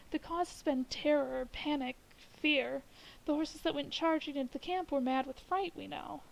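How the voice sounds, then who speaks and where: A woman reading the lines of an earnest gentleman who calmly presses a strange theory. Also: high-pitched, creaky, low-quality recording. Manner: measured, insistent. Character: earnest middle-aged gentleman building a theory.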